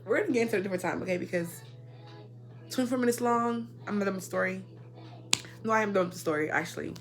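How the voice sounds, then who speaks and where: A young woman telling a personal story in a casual, indignant rant, swinging between loud outbursts and quiet asides. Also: medium pitch, fast talker, gravelly, faint music behind. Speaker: storyteller vlogger.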